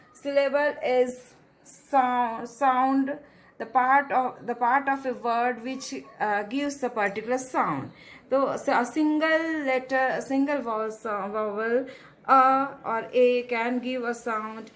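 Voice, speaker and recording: A woman with an Indian English accent teaching an English pronunciation lesson, speaking deliberately, repeating words and mixing in Hindi phrases. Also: fairly high pitch. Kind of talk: classroom lesson.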